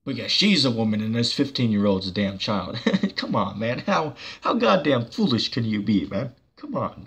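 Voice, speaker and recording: A man's voice: medium pitch, big pitch swings, normal speed, gravelly, fairly bright tone, slightly rough, muffled recording. A man preaching on a church channel in a heated, combative monologue, cursing and mocking the person he argues against.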